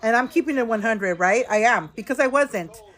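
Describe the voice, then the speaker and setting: A woman's voice: on the high side, expressive, moderate pace, fairly bright tone. A tipsy woman venting to her viewers from a hotel room in a casual storytime vlog, chatty and calling them girl and y'all. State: a little tipsy. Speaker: vlogger.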